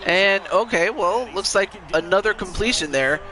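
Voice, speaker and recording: A man's voice: sits high, lively intonation, moderate pace, sharp tone. A man calling the plays of a football video game with a friend, in a casual style with hesitant fillers. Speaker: co-commentator.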